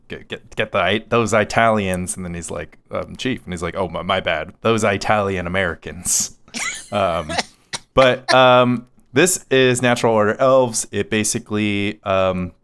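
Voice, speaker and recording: A man with a low, smooth and clear voice, chatting casually as a podcast co-host. He teases his partner dryly and laughs often. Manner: dry, teasing, laughs often. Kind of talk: casual chat.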